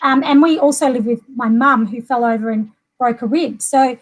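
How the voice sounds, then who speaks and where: A middle-aged Australian woman with a high-pitched voice chats casually. She rambles a little and leans on lots of fillers as she talks. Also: normal speed. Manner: chatty, rambling with many fillers. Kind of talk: casual chat.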